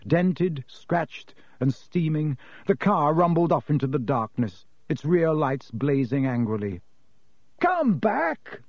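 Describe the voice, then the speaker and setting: A man narrating a storybook in a steady, measured reading. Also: a little high, no echo. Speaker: audiobook narrator. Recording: dull, lo-fi dry recording.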